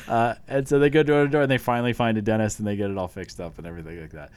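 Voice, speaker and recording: A man's voice: fairly low pitch, fairly even intonation, fast talker, a little mellow, clear, resonant tone. A man in casual chat, retelling scenes from a show with eager, rambling enthusiasm.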